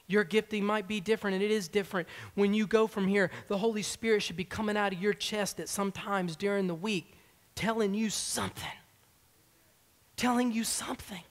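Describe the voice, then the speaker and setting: Quiet high-voiced man preaching, sanctuary echo. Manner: quiet and measured, sometimes dropping to a whisper. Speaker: minister. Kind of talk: sermon. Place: church sanctuary. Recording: reverberant church sanctuary.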